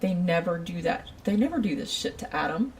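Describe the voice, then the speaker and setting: A woman's voice: on the low side, a little fast, far from the mic, rough recording. Woman telling a work story, off-mic. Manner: animated, acts out customers' voices, laughs often. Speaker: retail shoe store worker. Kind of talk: casual storytelling.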